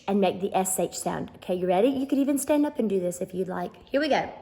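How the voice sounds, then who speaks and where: A woman's voice: mid-range voice, animated, fast talker, few pauses, dark tone, echoey room. A woman teacher giving a playful phonics lesson to young children, gasping and acting surprised as she goes. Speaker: kindergarten teacher. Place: empty classroom.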